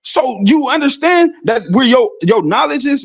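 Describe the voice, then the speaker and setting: A man's voice: very high-pitched, expressive, normal speed, creaky, no echo. A man in a heated debate who talks over others and repeats himself insistently. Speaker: debate participant.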